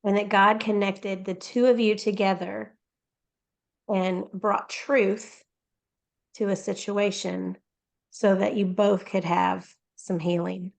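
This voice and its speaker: A woman co-hosts a faith ministry podcast and speaks to listeners in an encouraging, affirming way. Her voice has a gravelly fry to it and sits in a middle pitch. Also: steady tone, slow pace. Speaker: podcast co-host.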